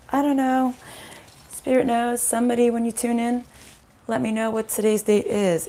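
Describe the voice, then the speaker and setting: A woman's voice: mid-range voice, gravelly, a little mellow. A woman giving a casual live spiritual tarot reading in her morning voice, chatty and laughing often. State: morning voice, needs warming up. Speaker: spiritual reader. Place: sunny room at home.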